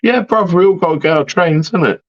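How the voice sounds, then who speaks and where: A man's voice: high-pitched, brisk, muffled recording, crowd noise. A man calling into a fan phone-in, speaking, heated and swearing, repeating himself. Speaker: caller.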